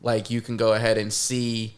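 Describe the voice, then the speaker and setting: A man's voice: on the low side, completely flat delivery, normal speed. A young man, a filmmaker guest, chatting casually on a podcast in a laid-back, slangy way with lots of fillers.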